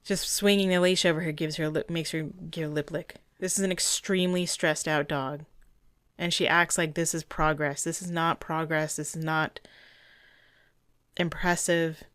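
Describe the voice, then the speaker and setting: A woman's voice: low voice, fairly even intonation, normal speed, a bit bright, clear, resonant tone, dry recording. A woman dog trainer giving earnest, indignant commentary over a training video, often restarting her sentences.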